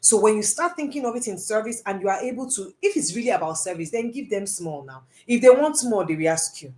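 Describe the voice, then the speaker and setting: A woman's voice: mid-range voice, lively intonation, fast, dark tone. A woman giving a live talk, answering audience questions in an earnest, emphatic way and repeating phrases for stress. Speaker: personal development speaker.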